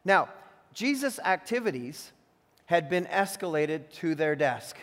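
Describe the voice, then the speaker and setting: Slow high-voiced man preaching in a hall. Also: sing-song, a bit bright. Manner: earnest, teacherly, stresses key phrases. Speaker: pastor. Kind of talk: sermon. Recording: long reverb of a large hall.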